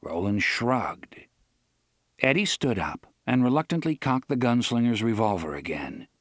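A man narrating an audiobook in a measured storytelling manner. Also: medium pitch, big pitch swings, dry recording, clean studio sound. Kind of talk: scripted narration.

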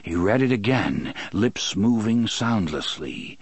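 A man narrating an audiobook in a measured, steady reading, close to the mic. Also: fairly low pitch, dry recording. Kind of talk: scripted narration.

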